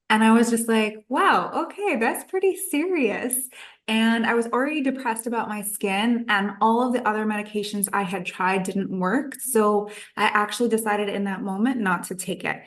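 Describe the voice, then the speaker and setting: A woman's voice: a little high, fairly even intonation, moderate pace. A woman in her thirties, a nutritionist guest on a podcast, telling her own story in a chatty way and acting out her past thoughts.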